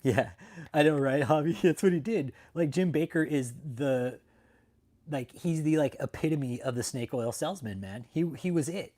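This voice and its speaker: A man's voice: a little high, moderate pace, warm tone. A man hosting a casual livestream, talking to his chat in a profane, mocking way and laughing often. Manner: greets chat viewers by name. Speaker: livestream host.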